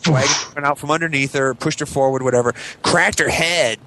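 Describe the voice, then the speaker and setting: A man in his thirties telling stories in a casual podcast chat, lively when he quotes people. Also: mid-range voice, brisk, rough recording. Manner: animated, does loud voices when quoting people. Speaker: podcast co-host, father.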